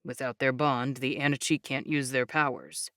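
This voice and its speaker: A woman voicing a calm young man who patiently explains things in a low, measured voice. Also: no echo, studio quality. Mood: explaining.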